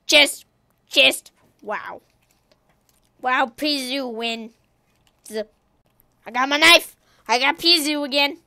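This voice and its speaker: A woman hosting a gaming channel, giving excitable let's-play commentary and talking to herself as she plays, shrieking whenever she loses. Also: high voice, a little slow, long pauses, no echo, clean studio sound. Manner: excitable, talks to herself while playing, shrieks when killed.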